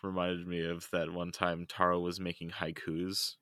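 A man's voice: low-pitched, monotone, moderate pace, pushed and bright, no echo, clean studio sound. A man who is a guest on a podcast, rambling and joking in casual chat with frequent giggles.

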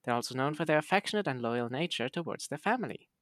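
A man's voice: medium pitch, lively intonation, fast, a bit bright, dry recording. Playful man, dry close mic. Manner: playful, reads text aloud in a chatty way. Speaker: podcast host. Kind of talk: casual podcast chat.

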